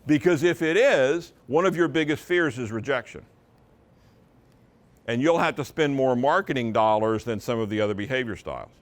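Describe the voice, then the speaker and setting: A man presenting a live seminar as a sales trainer, with a voice at an ordinary middle pitch. He talks to the room in a conversational way and makes his points with strong, emphatic intonation. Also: normal speed. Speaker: sales trainer for real estate agents.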